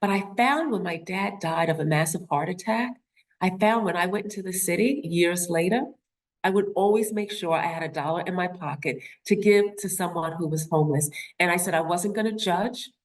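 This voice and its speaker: A woman's voice: fairly low pitch, moderate pace. Nurse lady in her 50s telling a story, asks the crowd questions, does little voices for people. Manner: storytelling, acts out quoted voices, rhetorical questions. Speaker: nurse speaker. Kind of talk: personal story in a talk.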